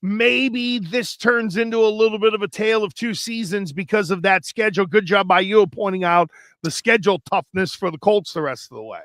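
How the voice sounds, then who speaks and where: A man co-hosting a sports talk show, telling stories in an animated, run-on way. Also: sits high, no room sound. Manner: animated storytelling, rapid, run-on. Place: studio.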